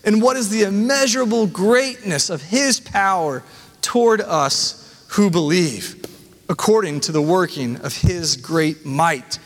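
A male pastor in his thirties preaches, reading scripture aloud and breaking off for personal asides. His voice sits high for a man. The sound carries the long reverb of a church hall. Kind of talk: sermon.

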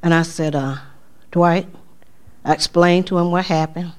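A woman tells a testimony to a church congregation. She storytells with lively energy, and her pitch shoots up when she acts out her own cries. Her delivery is loose and conversational. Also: measured pace, clean tone. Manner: animated storytelling, voice climbing high for quoted exclamations. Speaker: speaker giving a testimony at church. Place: church sanctuary.

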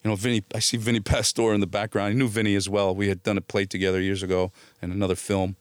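A man's voice: fairly low pitch, fast, dry recording. Swearing New man telling stories. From born in Italy, raised in New Jersey. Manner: animated storyteller, acts out quoted voices, swears freely. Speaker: guest actor. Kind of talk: storytelling in a podcast interview.

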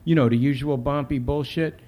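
A man's voice: medium pitch, steady tone, a little fast, dark tone, close to an everyday voice. A man reading aloud in the voice of a brash, defensive city cop telling a story in street slang. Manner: tough street slang, profane, rambling.

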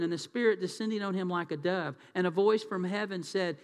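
A male pastor with a high voice delivers a sermon, talking through scripture in an easy, conversational way. He keeps putting questions to his listeners. A long reverb from the hall trails after his words. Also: a little fast, few pauses. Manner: conversational preaching with rhetorical questions to the congregation.

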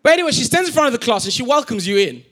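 High-voiced, animated male preacher. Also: racing. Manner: animated, joking, acts out quotes. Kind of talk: humorous storytelling sermon. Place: church.

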